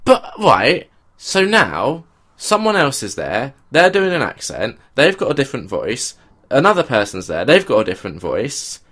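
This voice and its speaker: A man's voice: medium pitch, wildly swooping pitch, moderate pace, a bit bright. A young man co-hosting a podcast, joking and teasing in casual chat. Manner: joking, teasing, tries out growly voices. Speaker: podcast co-host.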